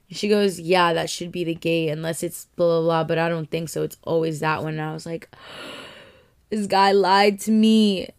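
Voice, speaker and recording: A woman's voice: medium pitch, creaky, clear, resonant tone. A young woman telling a casual, profane story, acting out her own reactions as she goes.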